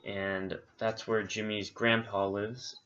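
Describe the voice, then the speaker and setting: A man's voice: lowish voice, level tone, slow pace, a bit bright, lo-fi sound. A man co-hosting a casual travel recap, rambling along with many fillers. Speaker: co-host recapping a trip.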